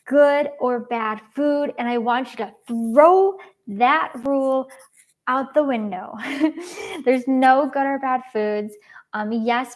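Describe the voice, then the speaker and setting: Young female dietitian host, casual encouraging talk, somewhat high voice. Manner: frequent ums, earnest and encouraging.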